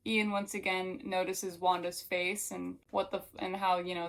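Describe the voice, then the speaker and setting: A woman's voice: lowish voice, little pitch movement, normal speed, vocal fry, hardly any pauses, low-quality recording. A woman giving a casual, chatty book recap with lots of filler words, talking straight to the viewer and reading passages aloud. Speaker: book reviewer.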